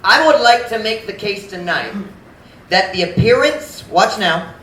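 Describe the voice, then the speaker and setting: A man preaches a sermon, with a high, bright tone that carries through an echoey church hall. He often stops to ask the congregation how to say a word, then builds to forceful, emphatic questions. A faint hum of room noise sits behind him. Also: animated. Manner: mixes English and Cebuano, often pauses to ask about words. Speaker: pastor. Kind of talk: bilingual sermon.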